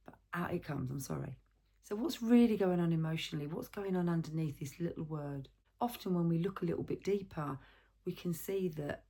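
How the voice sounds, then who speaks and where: A woman counsellor giving a gentle, reflective self-help talk and asking the viewer questions. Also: sits low, husky.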